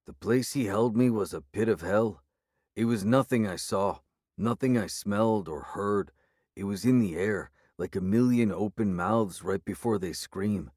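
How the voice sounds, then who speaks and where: A man's voice: lowish voice, a little slow, a little mellow, no room sound, studio quality. A man voicing a gaunt, furious male werewolf alpha with a growly, snarling delivery in an audiobook. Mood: menacing. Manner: snarling, hostile, defiant. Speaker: character voice in an audiobook.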